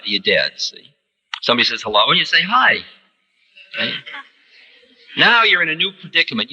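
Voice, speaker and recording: Man, spiritual teacher, very sharp bright tone, animated storytelling, old recording with long hall reverb. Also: mid-range voice. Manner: animated storyteller, acting out quoted voices. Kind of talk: spiritual lecture. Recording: reverberant lecture hall, archival tape.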